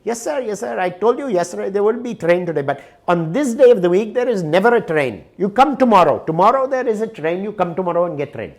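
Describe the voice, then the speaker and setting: A courteous but immovable male ticket clerk, put on by a man telling a story, speaking broken English in a put-on Indian accent. He raises his pitch high and keeps repeating the same reassurances. His delivery swoops up and down. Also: lively intonation, fast talker, hardly any pauses, darkish tone. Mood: apologetic. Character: polite evasive male railway ticket clerk.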